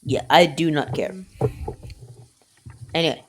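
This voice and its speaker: Woman with a low voice rambling thru a quesadilla vlog, jokey, says anyway a lot. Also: unhurried, slight background noise. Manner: talks to self and the viewer. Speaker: home cooking vlogger. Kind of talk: casual cooking video chat.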